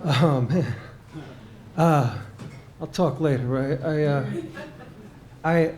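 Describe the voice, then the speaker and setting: A man's voice: fairly high pitch, slow pace, darkish tone. A man giving a live literary reading in a bookshop room, with hesitant, self-deprecating asides. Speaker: reader. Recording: live reading over guitar music.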